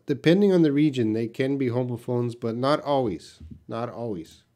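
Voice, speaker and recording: A man's voice: mid-range voice, animated, normal speed, mellow. A man from Canada, an English teacher, reading out viewer questions on a live stream and answering them in a plain, direct, sometimes blunt way.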